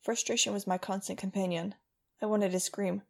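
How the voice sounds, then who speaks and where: Gravelly-voiced woman narrating an audiobook. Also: mid-range voice, little pitch movement, a little mellow. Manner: wry, brisk storytelling with voiced dialogue. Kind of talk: first-person audiobook narration.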